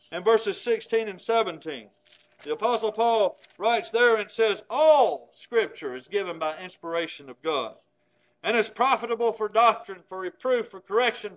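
A man preaching a sermon, stressing words loudly and then dropping to hushed, low phrases.

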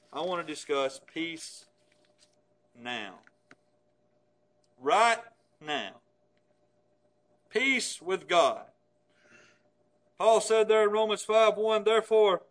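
A man with a very high voice delivers a sermon. He talks emphatically, punching some words hard and letting others fall away to a hush. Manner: emphatic, swings from loud stresses to hushed low phrases. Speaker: preacher.

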